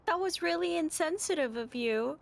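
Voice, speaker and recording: A woman's voice: extremely high pitch, lively intonation, normal speed, vocal fry. A young woman streamer guest in casual chat, dramatic and mock-offended, full of exclamations.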